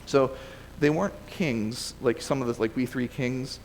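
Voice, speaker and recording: A man gives a relaxed, conversational sermon in a church sanctuary at a middle pitch. He often restarts his sentences and corrects himself as he goes. His voice carries a long hall reverb over faint background noise. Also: measured pace. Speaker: preacher. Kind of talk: casual sermon with scripture reading.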